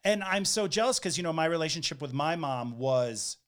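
A male podcast host with a slightly higher voice than most men. He is chatty and emphatic, and he shares his own feelings as he asks his questions. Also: animated, brisk, a bit bright. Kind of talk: casual interview.

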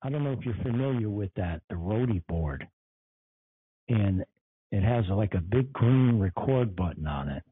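A man's voice: lowish voice, animated, a little slow, husky, no room sound, narrow, tinny audio. A man hosting a casual podcast, angry and profane, mocking and swearing. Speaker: podcast host. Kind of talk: casual profane livestream rant.

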